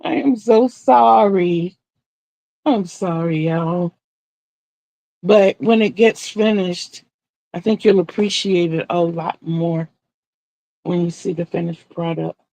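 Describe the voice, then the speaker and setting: An older woman talks through her crochet work on a live stream, chatty and rambling, circling back and repeating her words. Her voice has a gravelly edge, and the sound is dry and close. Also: on the low side, steady tone, slow pace, pauses often, dark tone, dry recording. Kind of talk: casual live-stream chat while crocheting.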